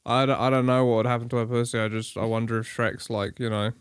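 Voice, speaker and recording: A man's voice: medium pitch, little pitch movement, fast, clear, resonant tone, dry recording, clean studio sound. An Englishman co-hosting a podcast, chatting casually in a crude, joking, rambling way. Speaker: podcast co-host. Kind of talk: casual chat.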